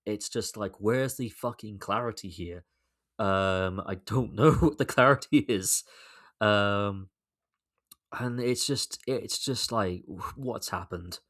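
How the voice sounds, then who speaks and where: A young man hosts his solo podcast in a low-pitched voice. He rambles in casual commentary, circling back over his own sentences. His tone stays exasperated, and he swears freely. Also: slow pace, a bit bright. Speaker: podcast host.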